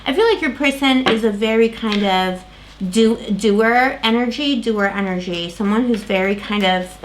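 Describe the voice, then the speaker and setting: Woman tarot reader, fraying voice, meandering delivery with restarts, a touch high-pitched, light background noise. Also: moderate pace. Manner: rambling, full of fillers and restarts. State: losing her voice. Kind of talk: tarot reading to camera.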